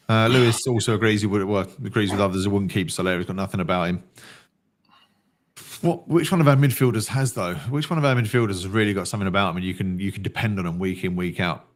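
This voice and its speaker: A man's voice: fairly low pitch, fast talker, pauses often. A man co-hosting a casual fan watch-along, reading out viewer comments and answering them in a glum, chatty way. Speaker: fan channel co-host.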